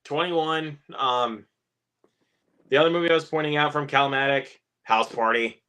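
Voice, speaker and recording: A man's voice: a little high, normal speed, pushed and bright, smooth. A man giving blunt, dismissive opinions in a casual film review chat. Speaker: podcast guest.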